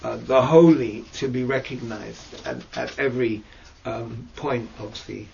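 A man teaching mystical texts in a slow lesson over a video call, hesitant and searching for words with fillers and restarts. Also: creaky, a little mellow. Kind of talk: slow explanatory lesson with many pauses. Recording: dull low-fi audio with faint noise.

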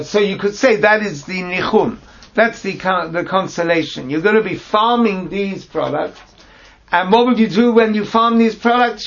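Gravelly high-voiced man teaching Torah. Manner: translates Hebrew phrase by phrase, halting restarts. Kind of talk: text study class. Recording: dull lo-fi recording.

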